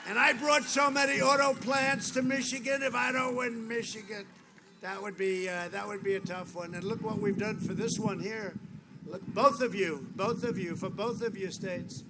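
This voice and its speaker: High-voiced man rambling at an outdoor rally. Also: steady tone, moderate pace, a loud crowd. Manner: rambling, repetitive and boastful. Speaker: political rally speaker. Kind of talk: campaign rally speech. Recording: noisy outdoor rally sound.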